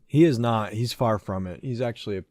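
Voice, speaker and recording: A man's voice: on the low side, brisk, darkish tone. A man co-hosting a podcast, chatting bluntly with dry, wry asides. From United States. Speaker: podcast co-host. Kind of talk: casual chat.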